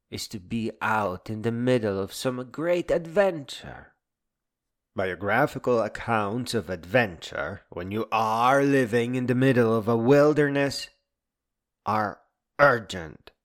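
A man reading a reflective, wry spoken essay in a musing, deliberate way. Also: on the low side. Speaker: essay narrator. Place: Lake Michigan area.

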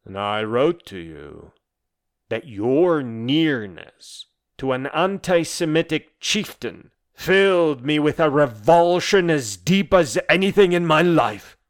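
Bitter proud philosopher near death, played by a man, slow deliberate scornful monologue, mid-pitched voice. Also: sing-song. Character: embittered dying male philosopher, proud and scornful. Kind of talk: dramatic monologue, a letter read aloud.

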